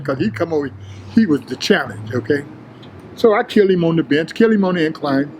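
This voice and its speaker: An older man, an interview guest, telling prison and gym stories in a streetwise, profane, animated way, acting out the others' lines. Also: fairly high pitch, a little fast, a little hiss or hum, rough recording. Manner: streetwise, profane, animated retelling with quoted voices. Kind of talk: casual storytelling.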